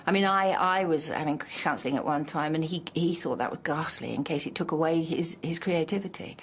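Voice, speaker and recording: Woman, low gravelly voice, hesitant, interview, faint noise. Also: fairly quick. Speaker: documentary interviewee, friend. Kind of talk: reflective interview.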